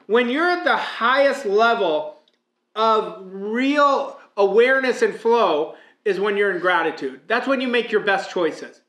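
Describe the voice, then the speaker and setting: A man's voice: sits high, animated, a little slow, fairly bright tone. A man giving a motivational speech as a mindset coach, emphatic and preaching, with many rhetorical questions. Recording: echoey room.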